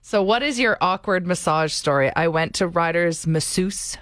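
A woman's voice: lowish voice, normal speed, fairly bright tone, slight background noise. A woman co-hosting a radio morning show, chatting in a playful, teasing way and laughing often. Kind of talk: casual radio banter. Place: radio studio. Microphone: studio mic.

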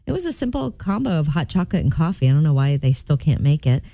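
A female morning radio co-host with a fairly low, mellow voice, recorded dry and close on a studio mic. She reads short items in a friendly way with light humor. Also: very animated, fast, vocal fry, no room sound. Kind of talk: casual morning show banter. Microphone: studio microphone.

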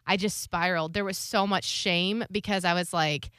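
A woman talks candidly on a podcast, with a bright, crisp tone. She tells confessional stories and acts out the people in them. The recording is close and dry, with no room sound. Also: on the low side, normal speed, no room sound. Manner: open, confessional storytelling with lively quoted voices. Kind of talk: candid casual chat.

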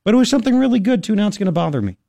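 A man hosting a talk radio show in a studio, excitable and rambling, with lots of exclamations. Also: high voice, very fast, gravelly, dry recording. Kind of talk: animated talk radio banter.

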